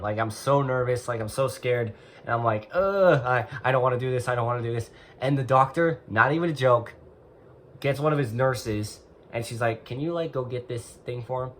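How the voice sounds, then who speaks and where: A man's voice: lowish voice, fairly bright tone, a little hiss or hum. A young man telling a personal story in a casual, rambling way, full of "like" and "and so". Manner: rambling, heavy use of "like" and "and so". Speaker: vlogger.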